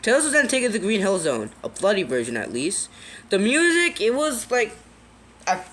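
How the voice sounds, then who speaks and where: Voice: mid-range voice, huge pitch swings, moderate pace, fairly bright tone. Rambling, hesitant storyteller over faint hiss. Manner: hesitant, many fillers and restarts, wry asides. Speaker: commentator retelling a creepypasta. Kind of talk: casual, rambling retelling.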